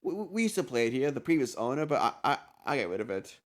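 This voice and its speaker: A man's voice: medium pitch, very animated, fast, natural voice. A man voicing a genteel, polite male tavern keeper who calls guests darling. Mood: chatty.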